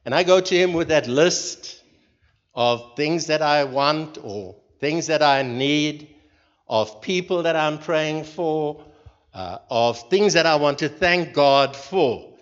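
A man leading a church group, giving an informal sermon in a slow, earnest way and putting questions to the listeners. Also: a little high, lively intonation. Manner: slow, earnest, pauses between phrases. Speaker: leader of a church group meeting. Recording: dull recording with long hall reverb.

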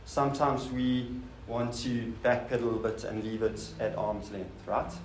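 This sermon comes from a man whose voice is medium in pitch, level in tone, and normal in speed. He addresses the congregation with rhetorical questions and casual side remarks, recorded in a roomy hall with faint noise.

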